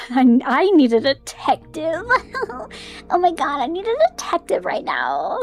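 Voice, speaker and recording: A woman's voice: high-pitched, sing-song, slow, creaky, pauses often, soft background music. A young woman streaming a game, chatting to herself with giggles, sighs and swearing. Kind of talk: casual livestream commentary.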